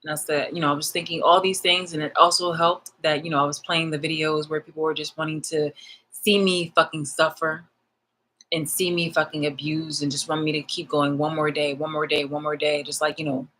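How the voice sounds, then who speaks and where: A woman's voice: deep voice, level tone, brisk, bright, forceful tone, rough recording. A woman ranting on a live stream. She is agitated and swears often, repeating phrases for emphasis. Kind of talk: live-streamed personal rant.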